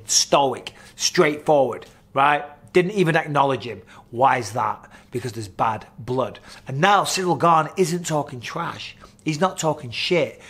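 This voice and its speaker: Middle-aged guy rambling blunt fight talk, cusses a lot, voice a touch high. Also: fairly bright tone. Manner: blunt, swears freely, chatty storytelling. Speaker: host, former fighter. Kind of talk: casual commentary vlog.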